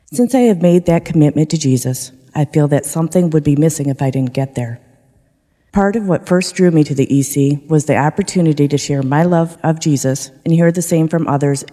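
A woman parishioner reads a personal testimony she has written, measured and sincere in her delivery. Her voice is mellow and soft-edged, carried through a worship space with a long church reverb. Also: low voice. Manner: measured, sincere, carefully paced reading. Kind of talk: reading a prepared personal testimony.

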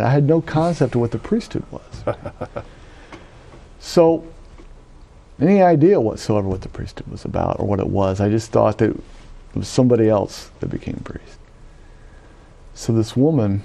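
A middle-aged man from Louisiana, a Catholic priest, giving an animated personal testimony and acting out the voices he quotes. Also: mid-range voice, normal speed, gravelly, long pauses. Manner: animated storytelling, acts out quoted voices, frequent "right?". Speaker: Catholic priest telling his vocation story.

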